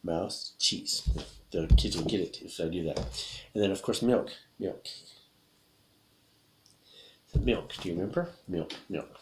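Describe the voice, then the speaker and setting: A man teaching English vocabulary with gestures in a video lesson, upbeat and repetitive, saying each word slowly several times. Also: low-pitched, slight background noise.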